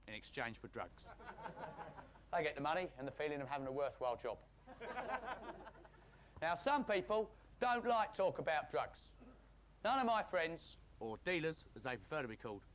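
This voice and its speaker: London bloke comic doing a dry fake sermon, highish voice, bouncy up and down. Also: male voice, background noise. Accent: London English. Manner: dry, mock-preacher delivery with gruff blokey put-on. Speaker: comedian. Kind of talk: deadpan mock sermon.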